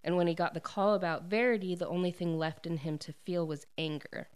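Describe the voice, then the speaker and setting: A woman recaps a story in a relaxed, chatty way, with lots of "like"s, and briefly acts out the characters' lines as she goes. Her voice is smooth and clear and sits a little low. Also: a little fast. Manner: retells a plot with many "like"s, acts out quoted lines and laughs often. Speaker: book discussion host. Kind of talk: casual book recap chat.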